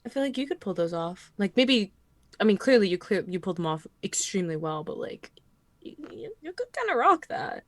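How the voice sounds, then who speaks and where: A woman's voice: mid-range voice, sing-song, fairly quick, dry recording. A woman playing in a tabletop game, chatting casually with many fillers and frequent laughs. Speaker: player.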